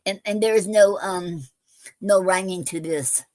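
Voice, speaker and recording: Woman poet talking haltingly, dry close sound. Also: medium pitch, steady tone, darkish tone, dry recording. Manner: halting, many fillers and restarts. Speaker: poetry show host. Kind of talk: casual live-stream chat.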